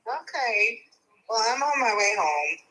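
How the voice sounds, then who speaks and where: A woman's voice: on the high side, big pitch swings, measured pace, pushed and bright, low-quality recording. A woman calling on her way home, chatting in a laid-back way and laughing easily. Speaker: caller on the way home.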